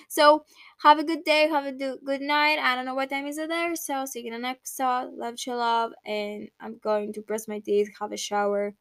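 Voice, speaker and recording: A young woman with a high, light voice talks alone into the mic for her podcast. Her words wander, heartfelt and reflective, circling back with restarts. The sound is close and dry, with no room around it. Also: a bit bright, no echo. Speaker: podcast host. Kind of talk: casual solo podcast monologue. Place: at home at night.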